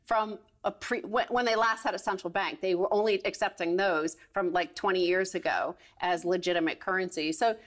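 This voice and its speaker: A woman's voice: lowish voice, fairly even intonation, normal speed, hardly any pauses, fairly bright tone. A woman co-hosting a financial talk show, chatty and rambling, often laughing as she talks. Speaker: co-host.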